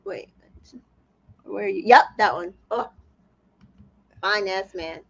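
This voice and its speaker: A woman co-hosting a casual reality TV recap, animated and laughing often as she acts out quotes. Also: mid-range voice, slow pace, gravelly, muffled recording. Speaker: podcast co-host.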